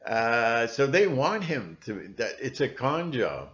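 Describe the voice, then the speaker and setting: A man's voice: mid-range voice, big pitch swings, slow, hardly any pauses, a bit bright. A man ranting on his own video channel in a rambling, sardonic monologue, with many restarts. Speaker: video blogger. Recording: dull lo-fi recording.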